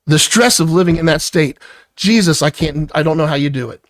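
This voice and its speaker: A man's voice: a little high, a little fast, dry recording. An angry man lecturing an employee in a heated work argument, swearing constantly. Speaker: business owner confronting an employee.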